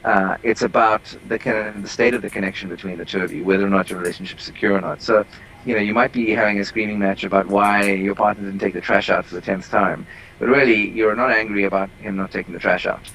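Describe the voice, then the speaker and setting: A man with a low, gravelly voice talks as a relationship coach on an interview call. He explains in long, winding sentences full of ums and self-corrections. The sound has a faint hiss behind it. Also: steady tone, fast, fairly bright tone, low-quality recording. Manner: explanatory, long rambling sentences with many fillers.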